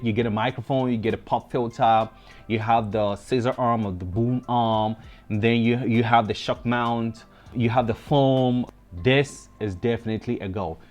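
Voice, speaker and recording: Ghanaian man chatting through a mic review. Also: mid-range voice. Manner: relaxed, chatty, slangy with repeated asides. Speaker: tech reviewer host. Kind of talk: casual product review vlog. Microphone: desk condenser mic with pop filter.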